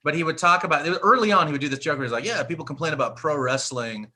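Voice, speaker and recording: A man doing stand-up bits as a comedy guest, animated and profane, mocking himself as he goes. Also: fairly high pitch, rapid-fire. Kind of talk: stand-up bits on a live show.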